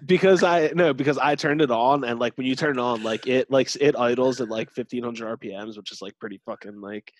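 A laid-back young man co-hosting a casual podcast, rambling and laughing easily. His voice sits in a middle pitch. The recording is dry and close. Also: fairly quick, hardly any pauses, dry recording. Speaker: podcast co-host. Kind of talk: casual chat.

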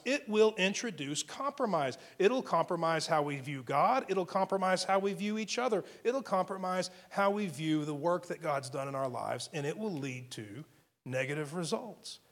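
Earnest preaching man, slightly high voice. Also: lively intonation, normal speed, a bit bright. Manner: earnest, repeats words while building points. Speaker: pastor. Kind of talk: sermon.

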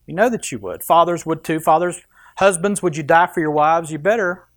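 A man's voice: a little high, fairly quick, fairly bright tone, no echo, studio quality. A man preaching a sermon in a conversational, joking manner to his congregation. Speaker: pastor.

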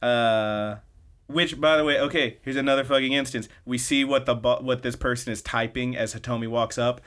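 A man's voice: medium pitch, fairly even intonation, normal speed, a bit bright. A man hosting a podcast, recapping episodes in a loose, chatty way and swearing casually. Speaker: podcast host.

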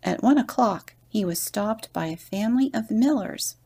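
A woman's voice: medium pitch, animated, normal speed, husky. A woman deacon reading a children's story aloud, slipping into whispers now and then. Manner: gentle read-aloud narration with whispered passages.

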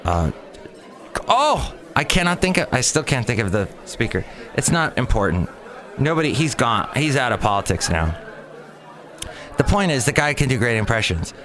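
A man's voice: medium pitch, very animated, normal speed, a bit bright. A man hosting a solo podcast, talking in a rambling, jokey way that drifts from topic to topic. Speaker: podcast host.

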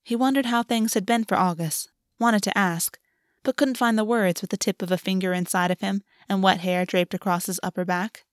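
A woman reading a fan fiction story aloud in a steady, even narration. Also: medium pitch, normal speed, no echo, studio quality. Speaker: audiobook reader.

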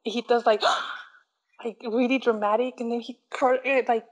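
A woman's voice: fairly high pitch, moderate pace, muffled recording. A young woman chatting casually as a podcast co-host, retelling a movie scene by scene, acting out the lines and laughing often. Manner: animated storyteller who acts out quotes, laughs often. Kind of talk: casual chat recapping a movie.

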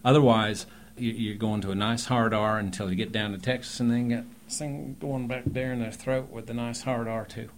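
A man's voice: medium pitch, steady tone, moderate pace. A man, an acting teacher talking in a chatty, rambling way with emphatic bursts during a podcast conversation.

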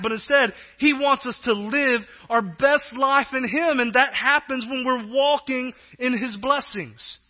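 High-voiced preaching man, muffled sound. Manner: emphatic preaching, swinging between loud and hushed. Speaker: pastor. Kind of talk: sermon.

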